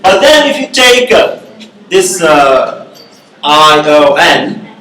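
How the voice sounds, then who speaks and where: In an echoey classroom captured from a distance, a male university lecturer teaches in a pushed, bright, sing-song voice that sits on the high side. He goes slowly, repeating key words and frequently checking with "okay?"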